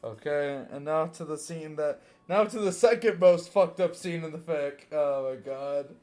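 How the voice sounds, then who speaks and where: A young man with a fairly high voice reads fanfiction aloud and comments on it in an exasperated, self-mocking way. He swears freely and laughs often between lines. Faint guitar music plays behind him. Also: unhurried, mellow. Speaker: reader reacting to fanfiction. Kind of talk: comedic fanfiction reading with commentary.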